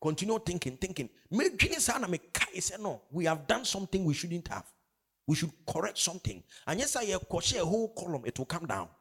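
Pastor guy preaching, high voice, pitch jumping all over, keeps asking the crowd back. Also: sing-song, brisk, fairly bright tone, breathy edge. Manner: emphatic call-and-response preaching, mixing in local phrases. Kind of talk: sermon.

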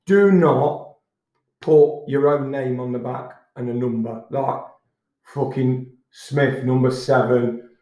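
A man's voice: mid-range voice, steady tone, takes it slowly, dark tone. A middle-aged man, hosting a casual podcast and ranting bluntly with plenty of swearing. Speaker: podcast host. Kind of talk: casual pub-style chat. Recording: echoey room.

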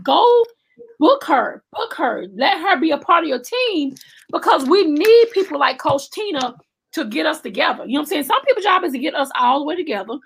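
A woman from Alabama with a Southern accent, hosting a chat show, expressive and full of faith talk. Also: sits high, fast, vocal fry. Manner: expressive, faith-filled, acts out her own quotes. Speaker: show host. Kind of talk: casual interview chat.

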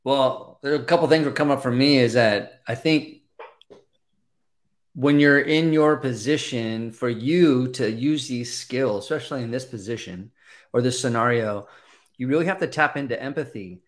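Guy with a mid-pitched voice thinking out loud in a group chat, reflective. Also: normal speed. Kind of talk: casual discussion.

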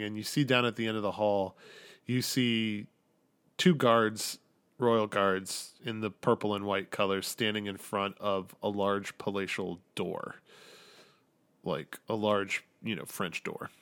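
A young man as game master, narrating a tabletop game in a casual, rambling way full of fillers. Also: on the low side. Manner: casual, filler-heavy, describes scenes.

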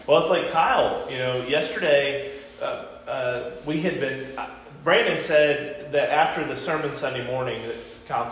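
A man leads an informal Bible discussion, earnest and animated, circling back over his words. His voice sits mid-pitch and rings around a hard, echoey room with a long reverb tail. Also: brisk. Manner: earnest, animated, repeats himself. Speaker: preacher and podcast host.

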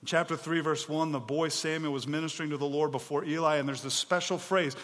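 A man's voice: fairly high pitch, fairly even intonation, quick pace, a bit bright. A man preaching a sermon as pastor, emphatic and conversational, speaking plainly to the congregation with casual asides. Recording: long hall reverb.

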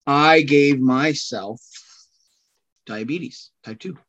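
A man with a Californian accent, talking casually as a podcast guest in an animated, rambling way with loud bursts. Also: mid-range voice, drawn-out words, lo-fi sound. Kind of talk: casual conversation.

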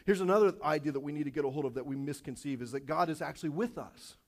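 A man preaching a sermon to his congregation, animated and repetitive, dropping light self-aware jokes along the way. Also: a little high, quick pace. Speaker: pastor.

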